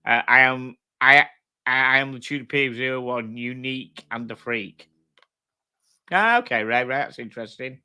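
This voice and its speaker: Man, live stream host, very bright tone, sweary banter. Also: medium pitch, a little slow, clean tone. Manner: sweary, blokey banter, laughs often. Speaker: livestream host. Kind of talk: casual live chat reading comments. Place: at home with dogs.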